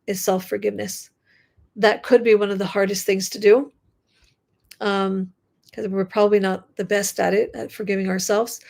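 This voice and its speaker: Woman chatting on a live stream at home, bit of vocal fry, rambles with lots of likes and ums. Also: medium pitch. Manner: chatty, rambling, many fillers. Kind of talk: casual live stream chat. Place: her home at night. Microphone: computer mic.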